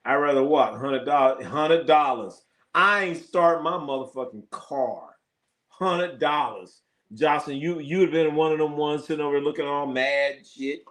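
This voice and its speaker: A man's voice: on the high side, normal speed, a bit bright. A man hosting a live sports stream, chatting casually and telling profane stories, laughing often and acting out the voices of people he quotes. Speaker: live sports show host.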